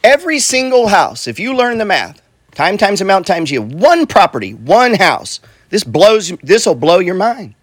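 A middle-aged man talks money in a casual, blunt way, with swearing and lots of repetition. His voice sits a bit high for a man. The sound is dry and close, with no room echo. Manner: blunt, profane, repeats himself, says "right?" and "bro". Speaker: real estate investor and coach. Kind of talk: casual motivational talk.

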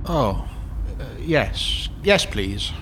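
A mid-pitched man playing a flustered young guy dictating texts and getting exasperated. There is a faint hiss behind him. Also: very animated, drawn-out words, a bit bright, heavily acted. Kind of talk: comedy sketch.

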